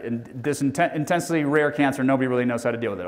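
A man in his forties giving a personal, earnest keynote talk. He moves between hushed, quiet moments and energetic bursts. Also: medium pitch, fast, few pauses. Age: 40s. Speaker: motivational keynote speaker. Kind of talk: personal storytelling speech. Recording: reverberant hall sound.

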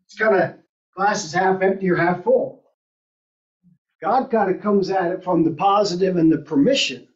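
A woman speaks at a normal speed with long pauses, her voice lowish, as she teaches an adult Sunday school class. She asks questions and thinks out loud, captured in a roomy, distant, dull recording from a church classroom.

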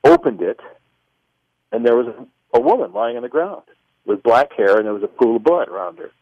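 Animated man telling a story on a muffled radio phone line. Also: mid-range voice, brisk, breathy edge, no room sound. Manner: lively, acts out both sides of remembered dialogue. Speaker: author and filmmaker guest.

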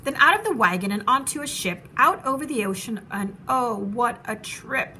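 A woman teacher reading a children's storybook aloud with animated, rhythmic rhyming narration. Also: a little high, moderate pace, slight background noise.

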